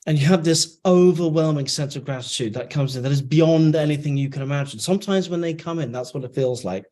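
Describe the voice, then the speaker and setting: A man's voice: fairly high pitch, a little fast, dark tone. A man who channels messages in chanted syllables and then explains them in casual chat with many fillers. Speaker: channeler guest.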